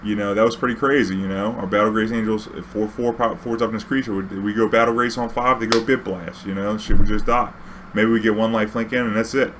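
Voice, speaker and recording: A man's voice: lowish voice, fairly even intonation, a little fast, fairly bright tone, slight background noise. A young man, telling a casual, profane, slang-heavy story as a vlog host. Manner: profane, laid-back, full of slang and fillers.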